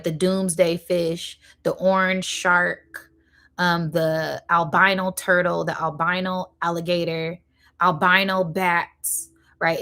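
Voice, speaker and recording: Casual woman host, somewhat low, channeling spirit messages live, rambling and drawn out. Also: a bit bright. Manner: rambling, full of fillers, slowing down to stress points; addresses viewers directly and casually.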